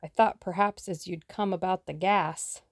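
A woman voicing a sullen, blunt working-class servant woman in an audiobook, curt and flat. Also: lowish voice, normal speed, dry recording, studio quality, close to an everyday voice. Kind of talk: audiobook character reading.

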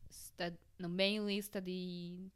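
This woman speaks English with a Japanese accent. She talks slowly and haltingly as a guest, pausing on ums, and her voice is smooth and clear. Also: fairly low pitch, little pitch movement, a bit bright. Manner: hesitant, searching for words with many ums. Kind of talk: casual chat.

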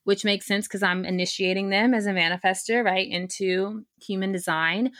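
A woman's voice: mid-range voice, fairly bright tone, no room sound, studio quality. A woman guest coach in a casual podcast interview, talking with energy and emphasis, frank and unfiltered, with the odd casual swear.

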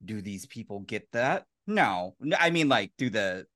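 A man's voice: fairly low pitch, big pitch swings, unhurried, fairly bright tone. A man from the United States co-hosting a podcast, explaining things in an opinionated, casual way. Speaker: podcast co-host.

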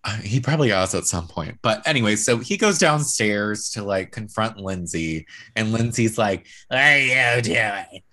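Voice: mid-range voice, moderate pace, hardly any pauses. A podcast co-host recapping a reality show in casual chat, telling the story with lots of filler words. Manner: animated storyteller, acts out quotes, many "like" fillers.

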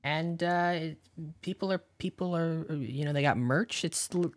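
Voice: mid-range voice, a little slow. A podcast co-host from Canada, chatting casually and joking while explaining things for listeners. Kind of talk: casual chat.

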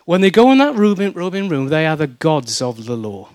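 A man's voice: a little high, fairly quick, no echo. A middle-aged man from South Wales with a Welsh accent, preaching a sermon and telling stories with humor and mimicry. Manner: lively storytelling with mimicry and humor.

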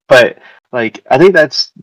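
A man's voice: medium pitch, no echo, rough recording. A man, hosting a casual chat in a rambling way with many fillers. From United States. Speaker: podcast host.

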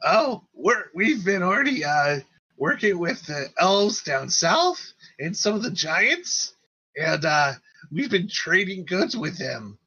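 A man's voice: high voice, big pitch swings, slow, pushed and bright, slightly rough, pitched above the performer's own voice, exaggerated voice. A man putting on an eager little tribal chief. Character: small proud male tribal leader, eager. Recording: dull lo-fi sound.

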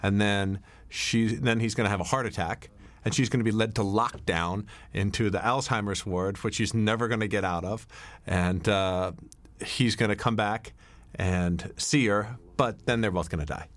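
Middle-aged man, very low voice, rambling director's commentary with lots of uhs and restarts. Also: normal speed, fairly bright tone, no echo. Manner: rambling, anecdotal, many fillers and restarts. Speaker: film director. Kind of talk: DVD commentary.

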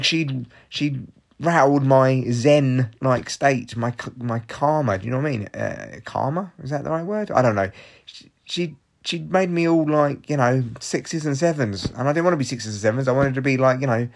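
A man's voice: medium pitch, normal speed. A male comedian talks alone into his podcast mic, in a middle-of-the-road voice. He rambles and swears freely, candid and self-mocking as he tells his story. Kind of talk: casual solo podcast monologue.

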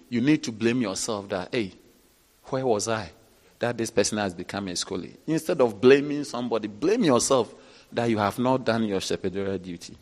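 A man preaches a lively sermon as a bishop, calling out hallelujahs and acting out his congregation's voices. His pitch sits mid-range, but he shifts from hushed asides to laughing shouts. A long reverb trails every line in the hall. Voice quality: animated, rising to shouts and laughter. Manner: preaching with call-outs and acted quotes.

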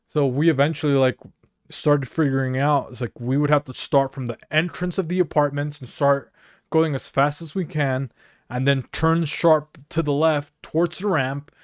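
A man's voice: a little high, fairly even intonation, moderate pace, dry recording, clean studio sound. A man from Mexico co-hosting a podcast, telling a rambling comic story and dropping "dude" and "you know" constantly. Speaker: podcast co-host. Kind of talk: casual comedic storytelling.

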